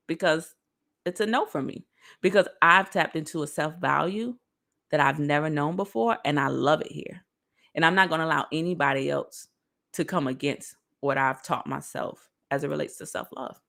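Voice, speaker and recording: Gravelly-voiced woman giving a pep talk. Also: low-pitched. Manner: lively, preachy, talks straight to viewers. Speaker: motivational speaker. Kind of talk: casual motivational talk.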